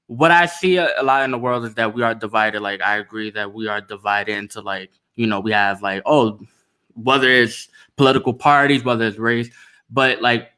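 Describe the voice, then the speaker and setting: A man's voice: medium pitch, sharp tone, clean tone. A man speaking as a panelist in casual talk, earnest and full of "like" fillers.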